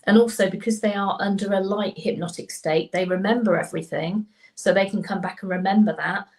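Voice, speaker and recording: A woman's voice: medium pitch, steady tone, a little fast, darkish tone, poor audio. Enthusiastic woman explaining, casual co-host. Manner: enthusiastic, explanatory, laughs easily. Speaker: tarot reader and co-host. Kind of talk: casual live-stream chat.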